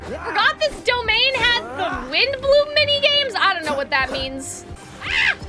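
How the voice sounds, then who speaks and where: A young woman streaming a video game, reacting excitably, swearing, calling people bestie and shrieking when things go wrong. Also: extremely high pitch, measured pace. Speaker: gaming streamer. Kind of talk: let's play commentary. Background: loud game music.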